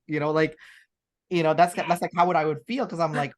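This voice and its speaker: A woman's voice: sits low, fairly even intonation, brisk. A woman as an interview guest, talking in a rambling, chatty way with many fillers and restarts. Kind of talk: casual interview chat.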